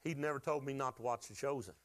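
A man's voice: mid-range voice, fast talker. A man preaching a sermon to his church, folksy and joking, asking the congregation to call out answers. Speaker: pastor.

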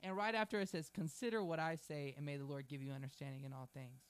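Fervent preacher man with a higher voice. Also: steady tone, fast, clean tone. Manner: fervent, emphatic preaching with rising repeated phrases; informal, folksy asides. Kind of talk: sermon with a read-aloud prayer.

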